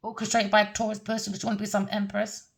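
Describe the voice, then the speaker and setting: A woman's voice: medium pitch, completely flat delivery, fast, creaky. A woman giving a heated, repetitive tarot reading rant, cursing and scolding. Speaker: tarot reader.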